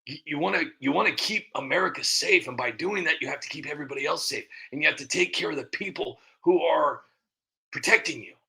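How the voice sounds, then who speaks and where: A man's voice: fairly high pitch, fast talker, creaky, bright, forceful tone. A man hosting his own show, talking in a rambling, emphatic way and often repeating himself. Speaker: show host. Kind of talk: casual monologue.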